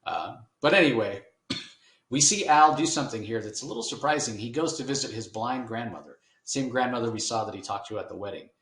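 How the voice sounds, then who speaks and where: A man hosting a podcast, giving a rambling, relaxed recap of a comic book issue. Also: medium pitch, a little fast. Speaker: podcast host. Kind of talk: casual comic book discussion. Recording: roomy echo.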